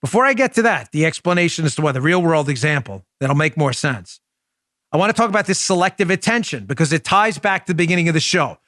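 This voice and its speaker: A man's voice: fairly high pitch, big pitch swings, quick pace, a bit bright, no echo, studio quality. Emphatic Queens-accented man in his forties. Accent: New York (Queens). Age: 40s. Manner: emphatic, rhetorical, addresses listeners directly. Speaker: talk show host. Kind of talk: opinionated radio talk.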